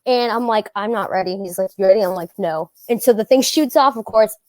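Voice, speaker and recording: Animated woman telling a story. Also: fairly high pitch, fast talker, no room sound. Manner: animated, acts out voices in her story. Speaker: guest singer. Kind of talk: casual storytelling.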